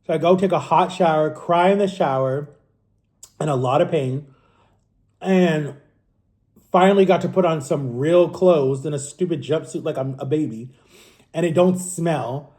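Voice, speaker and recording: A man in his thirties talks straight to camera, rambling and candid, often stopping to correct himself. His voice sits a little high for a man, with a warm, mellow tone. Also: unhurried, long pauses. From Florida. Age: 30s. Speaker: vlogger. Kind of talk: casual storytelling to camera. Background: eating on camera.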